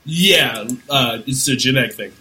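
A man's voice: medium pitch, moderate pace, a crowd in the background. A man on a casual comedy podcast, swearing freely as he tells stories. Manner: profane, animated storyteller. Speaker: podcast co-host.

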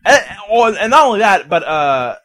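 Casting: high, animated male voice, goofy co-host with crude humor. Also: normal speed. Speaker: podcast co-host. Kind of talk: casual banter.

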